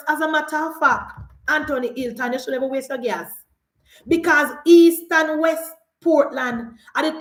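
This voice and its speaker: A woman's voice: high voice, echoey room. Fiery Jamaican woman ranting about politics. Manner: fiery, mocking, repeats rhetorical questions. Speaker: political commentator. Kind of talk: impassioned political rant. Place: indoors, filming herself for social media.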